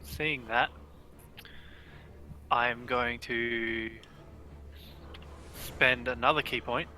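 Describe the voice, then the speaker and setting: A man's voice: mid-range voice, fairly even intonation, drawn-out words, bright, forceful tone, a little hiss or hum. A man playing his character at a casual tabletop game, talking eagerly about his moves. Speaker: player.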